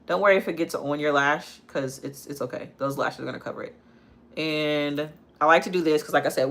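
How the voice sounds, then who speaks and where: A young woman, a makeup vlogger and livestream host, runs a live tutorial from home near a kitchen, chatting casually and answering viewer comments while she works. Her voice is low, pushed, and bright.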